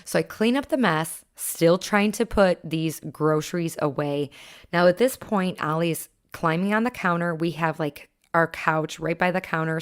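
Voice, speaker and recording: A woman's voice: low-pitched, smooth. A woman hosting a podcast, telling a personal story in a casual, reflective monologue full of filler words. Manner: conversational, many filler "like"s, self-reflective. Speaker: podcast host.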